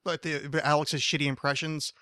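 Podcast co-host, a man with a slightly high voice, loose and rambling, dry close sound. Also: level tone, fairly quick, sharp tone, clear, resonant tone, no echo. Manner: rambling, self-mocking, many restarts. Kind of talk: casual chat.

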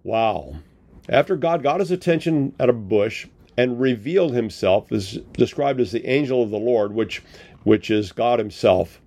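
A man's voice: mid-range voice, warm tone. A male pastor giving a sermon in a conversational storytelling manner, retelling scripture with casual paraphrased dialogue.

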